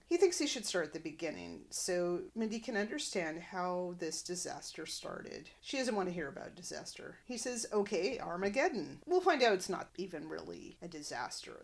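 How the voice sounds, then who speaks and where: Animated woman recapping a sitcom. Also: mid-range voice. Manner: animated, wry commentary. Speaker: podcast host. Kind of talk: casual episode recap.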